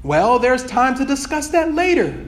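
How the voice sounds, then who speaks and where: A man's voice: extremely high pitch, big pitch swings, moderate pace, pitched above the performer's own voice. A man reading aloud and voicing an evasive, embarrassed male ghost who pleads and makes polite excuses. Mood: pleading.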